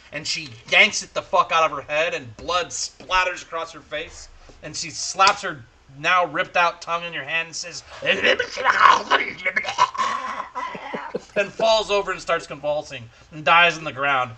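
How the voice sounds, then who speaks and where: A young man narrating a tabletop game as game master, in a casual, profane, animated way. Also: fairly high pitch.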